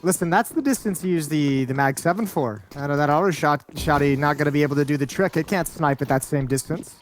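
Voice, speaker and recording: Esports caster over loud game gunfire. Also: male voice, fairly high pitch, slight background noise. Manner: quick play-by-play with wry self-deprecating asides. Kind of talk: live play-by-play commentary. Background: gunshots and clicks from the game.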